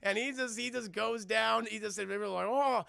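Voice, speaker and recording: Male streamer, casual spoiler review, high and animated, dry close mic. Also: a little fast, creaky, dry recording. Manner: animated, profane, laughs often, acts out characters.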